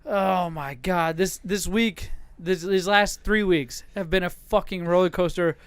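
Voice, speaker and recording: A man's voice: high voice, a little slow, clean tone, no room sound. A middle-aged man hosting a podcast, telling stories in a profane, casual rant. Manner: profane storytelling. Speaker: podcast host. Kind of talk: casual ranting chat.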